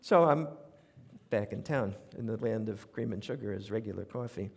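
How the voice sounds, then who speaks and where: A wry older man from New York speaks in a gravelly, fairly low voice at a moderate pace. A radio commentator, he performs essays on stage as a humorous storytelling monologue, conversational and full of animated asides, for a live audience in a theater whose recording carries a long reverb.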